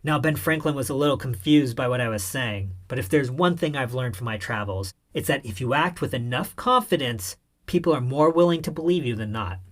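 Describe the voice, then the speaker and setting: A man's voice: medium pitch, animated, brisk. Wry, irreverent male comic narrator. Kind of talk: scripted comedic first-person narration.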